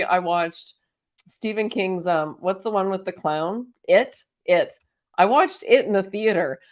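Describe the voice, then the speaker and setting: A woman with a medium-pitched voice hosts a casual spiritual self-help talk. She's chatty and encouraging, firing off strings of rhetorical questions and laughing often.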